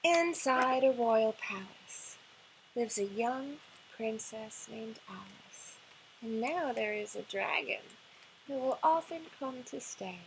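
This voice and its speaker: A woman librarian reading a picture book aloud at storytime in a gentle, expressive way. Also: a little high, slow pace, a little hiss or hum, poor audio. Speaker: children's librarian.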